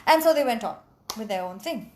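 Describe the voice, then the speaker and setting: Animated high-voiced woman storyteller. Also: fairly quick. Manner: animated, expressive, with sound effects. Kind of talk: oral storytelling.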